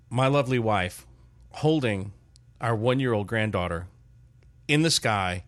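An older man in casual chat, telling a lively family story as podcast host. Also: fairly low pitch. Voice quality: animated storyteller, loud put-on shouts in quotes.

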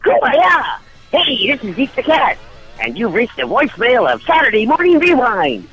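Brief: cheerful raspy cartoon cat, done by a man, squeaky bright, sing-song. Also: wildly swooping pitch, normal speed, full character voice, low-quality recording. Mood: upbeat. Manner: sing-song, upbeat answering-message delivery.

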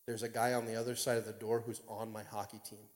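A man, a pastor, tells a personal story to an audience in an excitable, rambling way full of fillers. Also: on the low side, fast talker. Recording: long reverb of a large hall.

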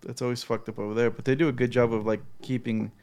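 A man chatting casually with friends, relaxed, swearing often and using lots of fillers. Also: medium pitch, quick pace, clean tone. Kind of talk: casual chat.

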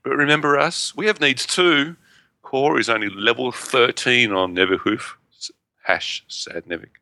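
A man's voice: mid-range voice, unhurried, sharp tone, no echo. A man co-hosting a gaming podcast in casual chat, playful and joking, correcting himself as he reads. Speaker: podcast co-host. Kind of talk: casual chat, reading listener email.

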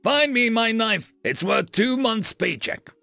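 A man's voice: a little high, big pitch swings, moderate pace, vocal fry, a bit bright, dry recording, soft background music, pitched above the performer's own voice, heavily acted. A man doing a curt, stern squad leader. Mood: commanding. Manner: curt, snapping commands.

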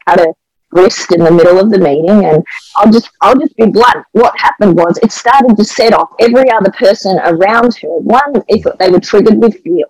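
A woman's voice: mid-range voice, darkish tone, no echo, low-quality recording. A middle-aged Australian woman, the wife of a pastor, tells church stories in an earnest and emotional way, with a lot of animation. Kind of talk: testimony storytelling on a podcast.

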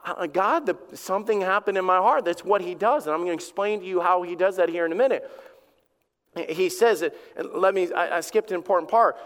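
A man's voice: high-pitched, a little fast, a bit bright, big-room sound. A man, a lead pastor, preaching a sermon in a conversational way, with repeated words and acted-out dialogue.

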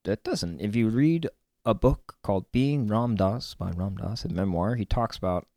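On his own land, a man gives a reflective spiritual talk about a card reading in a low voice with a gravelly rasp. His tone is expressive and warm, and he meanders and muses from thought to thought, with many fillers, drawn-out words and the occasional whispered aside. The recording sounds dry and close, with no room or echo around it.

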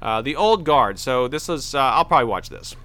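A man co-hosting a podcast chats casually, rambling a bit and restarting his sentences. His medium-pitched voice has lively intonation, a fairly quick pace, and a fairly bright tone.

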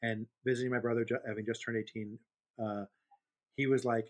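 A man's voice: mid-range voice, level tone, fairly quick. A man in his fifties, co-hosting a podcast, telling long rambling stories in casual chat and laughing easily. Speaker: podcast co-host.

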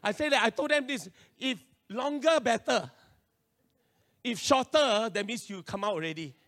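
A man with a Singaporean English accent, preaching a sermon as a pastor and telling a personal story in an animated way with local slang. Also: extremely high pitch, moderate pace.

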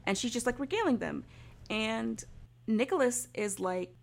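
A young woman co-hosting a podcast recaps a story in casual chat, full of fillers and acting out the lines of the people involved. Her voice is on the high side and animated, with vocal fry, at a moderate pace.

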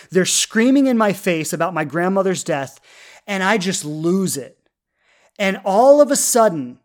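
A woman's voice: mid-range voice, a little mellow. A woman in her thirties, a love coach, telling a personal story in an earnest, heartfelt way, full of fillers and restarts. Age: 30s.

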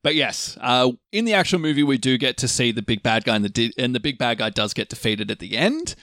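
A man in easy, casual podcast chat, laughing often and leaping up in pitch when something surprises him. His voice sits at an ordinary middle pitch, recorded close and dry with no room sound. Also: expressive, fairly quick, pushed and bright, no room sound. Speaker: podcast co-host scoring predictions.

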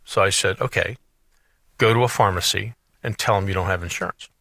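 A middle-aged male radio host with a low, gravelly voice that has a bright, forceful edge. He rambles through animated stories, restarting his sentences often. The studio sound is dry and close. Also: brisk, no echo. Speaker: radio show host, financial advisor. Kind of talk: casual radio chat.

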